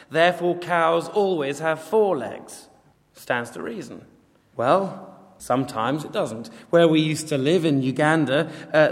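Male preacher, expressive and wry, slightly high voice, reverberant church hall. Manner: expressive, dry humour, acts out quoted voices. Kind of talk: sermon. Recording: long reverb of a large hall.

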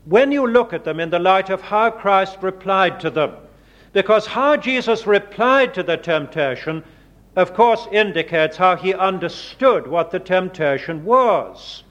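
Male preacher, measured sermon delivery, high voice, muffled old recording. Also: animated, fairly bright tone. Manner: slow, deliberate preaching with dramatic emphasis on quoted words.

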